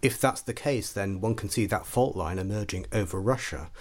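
A man's voice: lowish voice, moderate pace. A man speaking in a formal, academic way as a commentator on a panel. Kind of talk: panel discussion.

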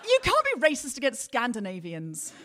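A woman's voice: fairly high pitch, huge pitch swings, moderate pace, background noise. A woman co-hosting a live comedy podcast on a theatre stage, telling a self-mocking story in a chatty way. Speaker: podcast co-host.

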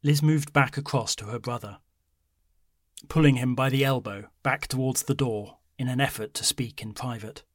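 Brief: male narrator, measured horror storytelling, dry close sound. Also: no echo. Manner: measured, low-key storytelling.

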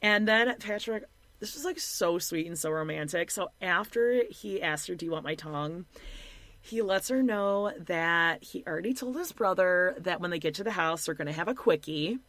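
A woman's voice: on the low side, moderate pace, a bit bright, no echo. A young woman co-hosting a casual recap chat, sarcastic and blunt, with lots of "like" and swearing. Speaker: podcast co-host.

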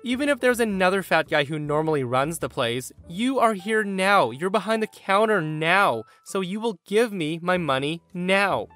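A man's voice: high voice, expressive, moderate pace, hardly any pauses, a bit bright, faint music behind. A man voicing a rude, demanding woman in her forties who speaks curtly and pushily in a story podcast. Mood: insistent. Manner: pushy and curt.

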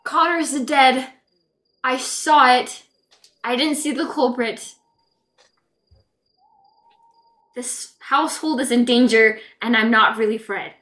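A woman's voice: high voice, unhurried, fairly bright tone. A woman voicing a male shapeshifter disguised as a butler, talking bluntly. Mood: grim. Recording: roomy echo.

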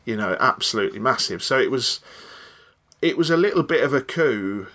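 A man's voice: medium pitch, lively intonation, brisk, sharp tone. A man in a casual podcast chat, speaking in an opinionated, emphatic way. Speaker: podcast co-host.

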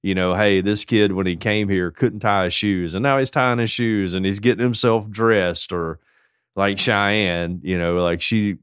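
His voice is on the low side, clean and unhurried, recorded studio-clean without echo. As a podcast co-host, he tells lively, humorous stories about fostering kids in easygoing conversation.

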